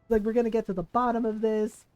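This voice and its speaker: Woman streamer, high voice, chatty storyteller who acts out quotes. Dry sound, soft music under. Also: level tone, fast, no echo, muffled recording. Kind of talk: casual storytelling while gaming. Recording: dry close mic with faint game music.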